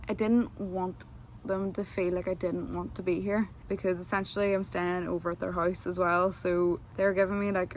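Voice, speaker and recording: A woman's voice: lowish voice, a little mellow, slight background noise. A young woman, telling a casual, rambling vlog story full of fillers. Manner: chatty, rambling, lots of fillers. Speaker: vlogger.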